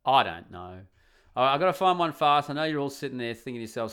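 A man's voice: medium pitch, sing-song, fast talker, fairly bright tone, smooth. A man hosting a podcast in a casual, rambling way, muttering and humming to himself as he searches through comments. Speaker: podcast host.

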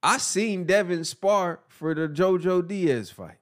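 A man hosting a casual boxing commentary podcast, animated and mocking, who laughs often. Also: high-pitched, slow. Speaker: podcast host.

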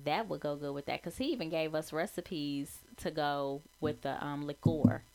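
Podcast co-host, woman, relaxed and agreeable, casual conversation. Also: sits low, moderate pace. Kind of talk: casual chat.

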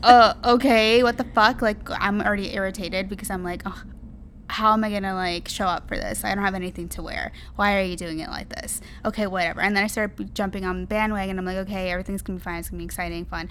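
Woman, thirties, podcast co-host, casual chat, blunt, swears a lot, animated. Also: mid-range voice, fast, slight background noise.

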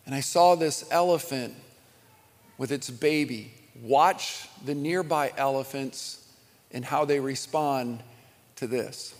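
A middle-aged man preaching a sermon, telling stories in a conversational, animated way with chuckles and restarts. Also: mid-range voice, takes it slowly, in a large hall. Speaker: pastor.

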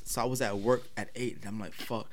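A young man, hosting a casual podcast chat, talking haltingly with many fillers and restarts and laughing often. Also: on the low side, fairly even intonation, a crowd in the background. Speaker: podcast host.

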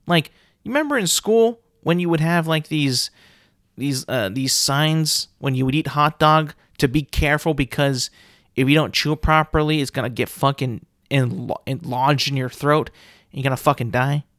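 A man's voice: on the high side, normal speed, fairly bright tone, no echo, clean studio sound. A man hosting his own podcast, delivering a profane, exasperated solo rant in a casual comedic style. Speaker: podcast host.

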